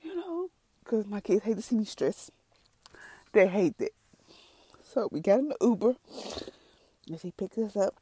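This warm woman's testimony is emotional and at times tearful; she's an adult with three children. Her mid-range, husky voice is sing-song and unhurried, with long pauses and no room sound, as she rambles, repeats herself, and says "y'all" to listeners.

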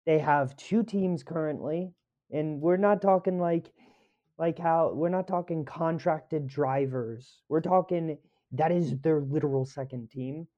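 A man co-hosts a casual sports chat and thinks aloud, hesitating as he weighs his options. He talks slowly. His audio is dull and lo-fi. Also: a little high. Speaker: co-host.

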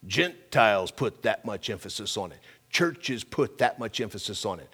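A man preaching a sermon in a folksy manner, reading scripture aloud slowly and emphatically and asking the congregation questions. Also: lowish voice, expressive, a bit bright, husky. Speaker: pastor.

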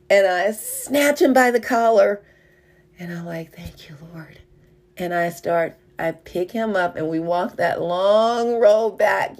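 An older woman, a mother and wife, telling a personal testimony story, animated and laughing as she goes. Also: mid-range voice. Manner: animated, rising when excited, laughs while telling.

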